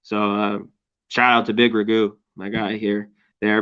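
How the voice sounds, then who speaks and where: A man hosting a sports betting show, chatting loosely and joking, with a voice going hoarse. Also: fairly low pitch, little pitch movement, a little slow, muffled recording. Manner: loose, joking, lots of shout-outs. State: losing his voice. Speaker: sports betting podcast host. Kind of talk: casual sports betting chat.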